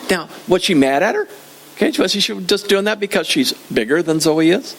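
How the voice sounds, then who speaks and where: A man's voice: a little high, sing-song, fast talker. An older man preaching a sermon in a church, conversational and joking, often repeating his phrases. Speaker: pastor.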